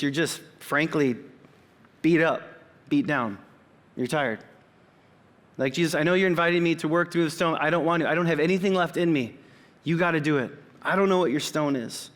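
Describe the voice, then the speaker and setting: A middle-aged man preaches in a church, earnest and conversational, with pauses that let his points land. His voice sits a little high for a man. Long reverb from a big hall trails behind his words. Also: a bit bright. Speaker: pastor. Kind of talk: sermon. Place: church sanctuary.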